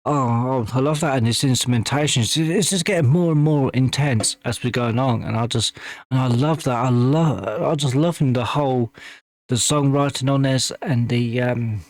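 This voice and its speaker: A man's voice: medium pitch, moderate pace, dry recording. A man hosting a music reaction video, talking casually with many restarts and fillers, openly enthusiastic.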